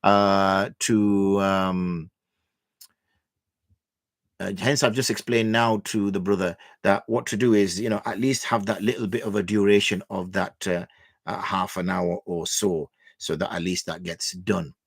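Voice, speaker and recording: A man's voice: low-pitched, steady tone, a little slow, creaky, dry recording, clean studio sound. A man hosting a religious question-and-answer livestream, talking loosely and thinking aloud with many fillers. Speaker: mufti hosting Q&A. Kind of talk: casual livestream talk.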